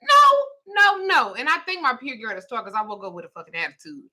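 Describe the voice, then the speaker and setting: Older woman host, casual chat; bright, blunt, cussing, quick to laugh. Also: mid-range voice, very animated. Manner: blunt, profane, laughing storyteller.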